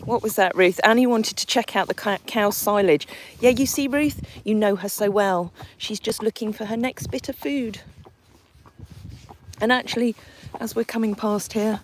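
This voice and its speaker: A woman's voice: medium pitch, normal speed, slight background noise, low-quality recording. Chatty Englishwoman on a live outdoor stream. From England. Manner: chatty, reads out viewer locations and comments. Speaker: horse sanctuary owner hosting a livestream. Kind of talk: live-stream chat while riding a horse. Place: outdoors on a country lane.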